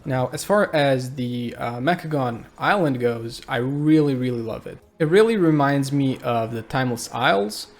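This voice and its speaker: A man hosting a gaming channel talks in a relaxed, conversational way. His pitch sits in the middle. He often pauses on a filler "uh" as he goes. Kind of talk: casual video commentary.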